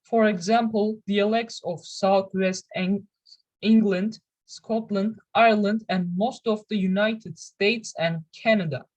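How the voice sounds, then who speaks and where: Slow, careful young woman presenting. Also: medium pitch, steady tone, darkish tone, poor audio. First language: Turkish. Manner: careful, halting delivery with restarts. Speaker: student presenter. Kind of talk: reading a class presentation.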